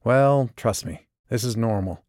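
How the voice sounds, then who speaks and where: A man playing a wry, gentle young ghost. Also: mid-range voice, measured pace, no echo, clean studio sound, lightly acted.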